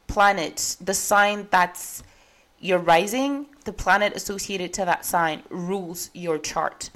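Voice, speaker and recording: A young woman hosting her own podcast in casual solo chat, rambling and correcting herself with many fillers. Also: on the low side. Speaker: podcast host.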